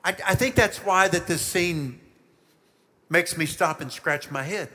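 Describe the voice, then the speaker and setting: A man with a high, bright voice leads a children's sermon, telling the story with animated emphasis and asking his listeners questions. His voice rings out with the long reverb of a church hall. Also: unhurried. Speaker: pastor.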